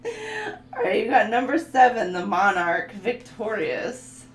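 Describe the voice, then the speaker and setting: A woman's voice: a little high, sing-song, slow. A woman tarot reader in casual chat, laughing often and telling stories with animation. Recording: echoey room.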